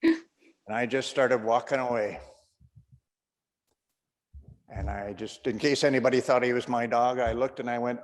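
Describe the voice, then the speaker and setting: A man's voice: mid-range voice, flat delivery, brisk, big-room sound. Man telling a stand-up story. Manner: rambling anecdotal storyteller. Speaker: stand-up comedian.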